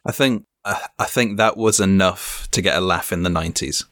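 Low voiced guy on a movie podcast, laughs a lot, throws in random trivia. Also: moderate pace, fairly bright tone. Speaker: podcast co-host. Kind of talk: casual film-review chat.

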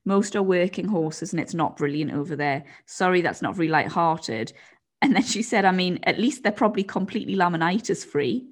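A woman's voice: on the low side, lively intonation, fairly quick. A woman co-hosting a casual podcast, chatty and teasing, filling her talk with "like". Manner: chatty, teasing, heavy use of "like". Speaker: podcast co-host. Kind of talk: casual chat.

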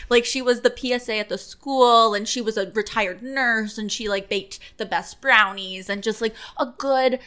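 A woman from Canada co-hosting a podcast, chatting in an animated way with quick, giggly asides. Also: fairly high pitch, clean tone. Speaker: podcast co-host. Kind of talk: casual chat.

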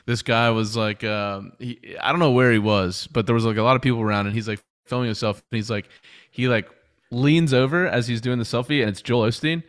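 A man's voice: medium pitch, fairly even intonation, fairly quick. A man co-hosting a podcast, joking around in an easygoing way. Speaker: podcast co-host. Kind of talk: casual podcast chat.

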